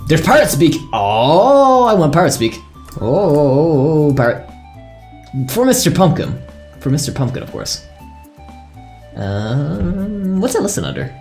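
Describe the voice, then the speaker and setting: A man's voice: a little high, sing-song, a little slow, gravelly, darkish tone, soft background music. A man chatting casually on a live stream as a server admin, thinking aloud and laughing often.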